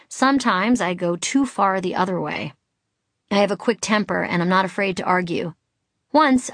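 A woman's voice: on the low side, fairly bright tone, no echo, studio quality. Wry woman reading her memoir. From Boston. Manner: wry, candid, comic timing. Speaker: author narrating her memoir.

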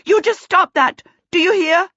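A woman's voice: extremely high pitch, a little slow, sharp tone, no room sound, voice pushed up, heavily acted. A woman reading an audiobook, voicing a breathless, exasperated young woman. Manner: raised, panting, exasperated. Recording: dull dry lo-fi recording.

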